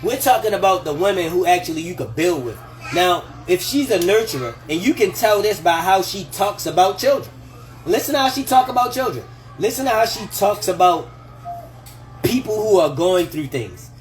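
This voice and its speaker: High-voiced, animated man on a livestream. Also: moderate pace, soft background music. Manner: animated, profane, laughs often, acts out quoted voices. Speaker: livestream host giving relationship advice. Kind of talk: casual livestream talk. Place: home kitchen.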